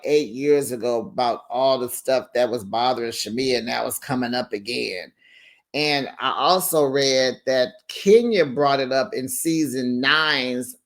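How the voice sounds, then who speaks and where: A man hosting a reality TV recap in a sassy, animated gossip style, calling people baby and honey. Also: a little high. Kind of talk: casual recap commentary.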